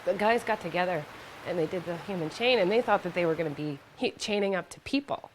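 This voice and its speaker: A woman's voice: lowish voice, fast talker, background noise. A woman emphatically retelling a river rescue in a documentary interview. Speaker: neighbor.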